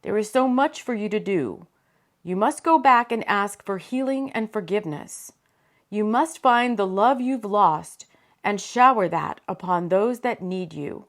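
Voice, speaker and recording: A woman voicing a booming divine presence, speaking in a solemn, commanding way. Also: expressive, a little slow.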